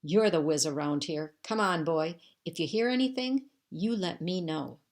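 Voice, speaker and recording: A woman's voice: on the low side, lively intonation, normal speed. A woman reading aloud, voicing an eager young American rescue worker who talks earnestly and coaxes a dog. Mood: coaxing.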